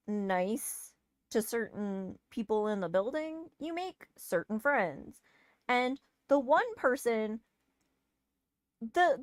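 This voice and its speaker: A woman's voice: medium pitch, dry recording, studio quality. A woman streamer telling a storytime rant, exasperated and swearing as she mocks a neighbor.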